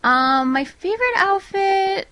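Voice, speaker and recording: A woman's voice: very high-pitched, expressive, slow, pushed and bright. A young woman co-hosting a podcast, chatting casually and enthusiastically and laughing often. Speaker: podcast co-host. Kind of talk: casual chat.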